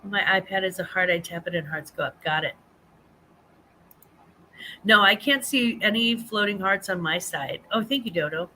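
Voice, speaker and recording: A woman's voice: mid-range voice, normal speed, long pauses, sharp tone, slight background noise, poor audio. A woman, hosting a casual live-stream chat, rambling with many ums and restarts. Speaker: host of a live reselling chat show.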